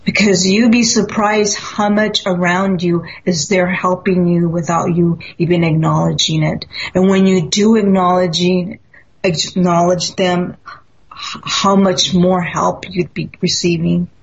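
A woman's voice: on the low side, fairly even intonation, unhurried. A woman in casual spiritual conversation, speaking earnestly and acting out the voices in her own stories. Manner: earnest, storytelling, acts out quotes. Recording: dull lo-fi audio.

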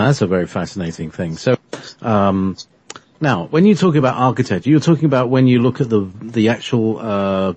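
A man hosting a talk radio show, asking questions in a halting way with lots of fillers. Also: lowish voice, a little mellow, breathy edge.

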